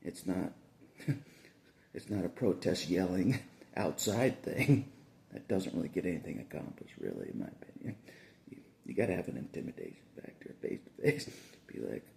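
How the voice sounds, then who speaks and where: A man's voice: sits low, big pitch swings, moderate pace, creaky, warm tone. A man talking in a casual rambling monologue, chuckling through his sentences and repeating himself. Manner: repeats phrases, restarts often. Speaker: vlogger.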